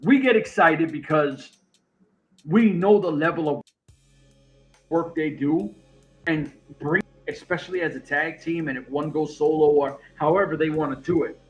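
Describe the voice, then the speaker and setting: A man's voice: fairly high pitch, normal speed, faint music behind. A man co-hosting a wrestling podcast, telling stories in casual chat, swearing freely and acting out what his friends said. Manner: animated storyteller, swears freely, acts out quoted friends. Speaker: podcast co-host.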